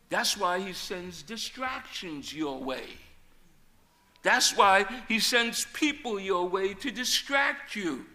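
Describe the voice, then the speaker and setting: A man preaching a sermon, swinging between loud, emphatic shouts and quiet, low asides. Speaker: pastor.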